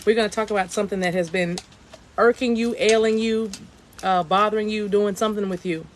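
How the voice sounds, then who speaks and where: A woman's voice: mid-range voice, fairly even intonation, fairly quick, slight background noise. A woman hosting a livestreamed spiritual reading from her outdoor deck. She chats casually, repeats her phrases and drops into chanted light language. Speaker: spiritual reader.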